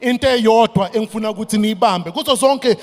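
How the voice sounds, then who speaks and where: A man giving a motivational speech from a stage, energetic and shouting chants for the crowd to repeat. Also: high-pitched, fast. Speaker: motivational speaker. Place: large event hall stage. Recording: echoey hall.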